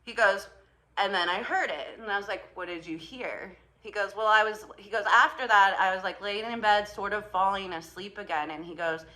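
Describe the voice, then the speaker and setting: A woman's voice: mid-range voice, moderate pace, sharp tone. A woman vlogger casually telling a story to her viewers, chatty and swearing, often quoting her partner and laughing. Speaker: spiritual vlogger.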